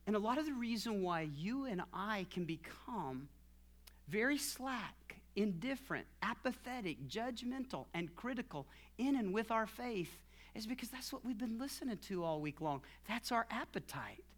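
A male pastor preaches a sermon in a high, bright, ringing voice with big pitch swings at a normal speed. He builds to shouted declarations, then eases into quiet, almost whispered teaching, laughing here and there.

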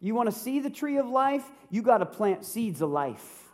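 High-voiced man in his fifties preaching. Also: normal speed. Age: 50s. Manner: animated, humorous preaching with rhetorical questions. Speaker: pastor. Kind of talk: sermon.

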